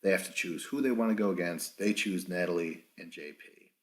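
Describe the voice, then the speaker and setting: A man with a slightly low voice talks through a casual podcast recap, rambling loosely and swearing often. He keeps slipping into quick bits of what other people said. He is recorded without a proper microphone. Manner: rambling, profane, acts out quotes. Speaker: podcast host.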